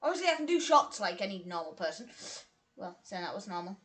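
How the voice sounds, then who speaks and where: A woman chatting casually on a live stream, a little tipsy, self-deprecating and quick to laugh. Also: mid-range voice, sing-song, a bit bright.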